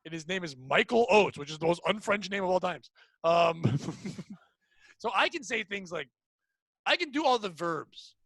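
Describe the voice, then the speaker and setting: A man co-hosting a podcast, joking loudly in crude casual banter and breaking into shouted bits. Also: sits high, animated, unhurried, dry recording. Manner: loud, joking, bursts into sung bits and shouts. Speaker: podcast co-host.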